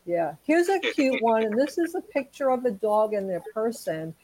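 A woman's voice: fairly high pitch, very animated, moderate pace, warm tone, dry recording, rough recording. Chatty woman sharing funny stories. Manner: chatty, giggly storytelling. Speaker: podcast co-host. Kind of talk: casual chat.

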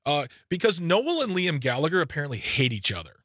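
A man's voice: a little fast, dry recording. Playful male radio host, dry studio. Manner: animated, playful, wide swings in pitch. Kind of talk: casual radio chat. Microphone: studio microphone.

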